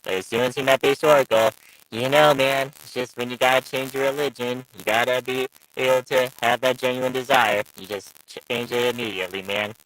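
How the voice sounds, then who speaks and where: A man's voice: mid-range voice, steady tone, brisk, a bit bright, low-quality recording. A man calling in to a live stream, rambling with lots of uhs and restarts. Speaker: caller on the stream. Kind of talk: casual chat.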